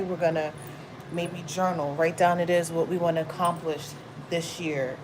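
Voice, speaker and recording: A woman hosting a tarot stream, talking casually and bluntly to her viewers with lots of swearing and quick asides. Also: lowish voice, rough recording. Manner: blunt, profane, chatty, laughs and exclaims often. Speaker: tarot reader livestream host. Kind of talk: casual spiritual talk to viewers. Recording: steady background noise.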